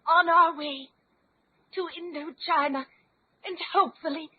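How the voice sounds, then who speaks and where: A worried, well-spoken young woman with a very high, bright pitch. She speaks earnestly and formally. The sound is narrow and phone-like, like an old radio broadcast. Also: fairly even intonation, unhurried. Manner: earnest, worried, proper speech. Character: anxious young woman searching for her father. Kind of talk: old-time radio drama acting.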